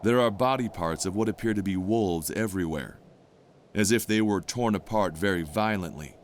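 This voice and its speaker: In a very low voice, a man narrates an audio drama with measured, descriptive delivery, while faint noise runs underneath.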